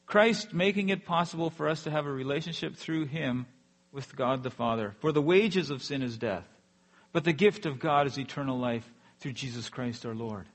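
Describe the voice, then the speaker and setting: A man preaching a sermon earnestly, letting his voice fall softly at the ends of phrases. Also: medium pitch, moderate pace. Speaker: pastor.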